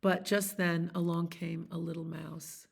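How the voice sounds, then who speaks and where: A woman's voice: lowish voice, flat delivery, a little slow, vocal fry, slightly rough. A woman reading a bedtime picture book aloud as a library storyteller, soothing and asking her listeners questions.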